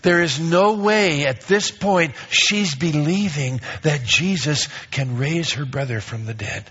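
A man preaching a sermon, reading scripture aloud and stressing key phrases with lively emphasis. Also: on the high side, takes it slowly, breathy edge, dull audio. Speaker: pastor.

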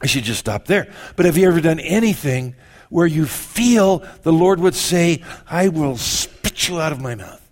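An older male pastor delivers an animated sermon in a slightly raised voice. He breaks off into joking asides and quick corrections before pressing his point again. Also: on the high side.

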